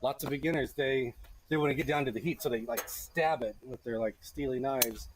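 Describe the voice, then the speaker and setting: A man with a mid-range voice talks fairly quickly against background noise in a blacksmith shop. Working alongside a beginner, the instructor jokes around, chats and offers encouragement while they forge.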